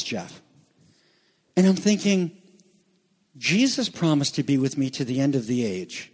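A man preaching a sermon, swinging between hushed, slow passages and rising, emphatic peaks. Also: mid-range voice, very animated. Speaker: pastor.

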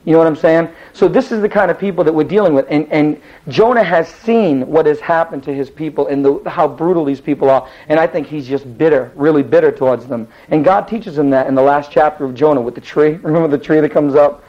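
A man teaching a Bible story in a lively, rambling way, often restarting his sentences. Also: a little high, brisk, hardly any pauses, muffled recording. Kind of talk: animated Bible storytelling lesson.

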